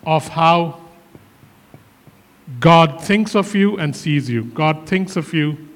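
A man's voice: a little high, expressive, takes it slowly. A male pastor preaching a sermon in earnest, often repeating his phrases for emphasis. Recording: hall reverb.

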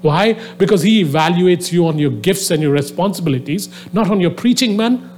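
A man with a somewhat high voice delivers a sermon, starting out relaxed and full of little "uh"s as he tells a story. His delivery then swells into earnest, emphatic urging. Faint music sits low behind him. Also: brisk. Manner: conversational storytelling with many fillers, rising to fervent exhortation. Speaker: preacher. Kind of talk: sermon to a live audience. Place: venue with a soundboard.

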